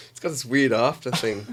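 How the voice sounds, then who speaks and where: A man's voice: medium pitch, husky. A man reacting on a podcast with laughing interjections. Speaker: podcast guest. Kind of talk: casual podcast chat.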